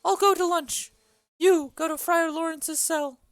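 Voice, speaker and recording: A woman's voice: extremely high pitch, fairly even intonation, a little slow, dry recording. A woman voicing a fussy old nurse who grumbles about her aches and bosses and teases in an amateur play reading. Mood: bossy. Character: fussy old female nurse, teasing and complaining.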